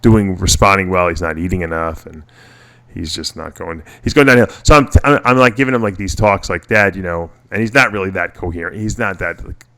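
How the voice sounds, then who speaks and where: A middle-aged man with a low voice that still has a bright, forceful edge. He hosts a casual radio chat and tells long personal stories, stopping and restarting his sentences as he goes. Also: a little fast. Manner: rambling, personal storytelling with many restarts. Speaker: podcast host.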